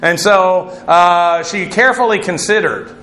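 A man's voice: high voice, measured pace, bright, forceful tone, reverberant. A man teaching a Bible class as its pastor, working through Greek words methodically, spelling them out letter by letter, with many "uh" fillers. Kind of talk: verse-by-verse Greek word study.

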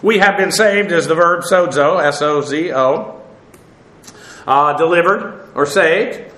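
A man teaching a Bible passage verse by verse, halting with many fillers and spelling out Greek words letter by letter. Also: a little high, a bit bright, reverberant, low-quality recording.

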